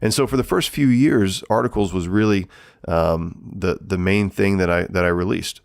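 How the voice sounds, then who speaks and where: A man's voice: sits low, moderate pace, vocal fry, no echo, clean studio sound. A middle-aged man hosting a solo podcast, talking casually with many fillers and restarts. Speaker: podcast host.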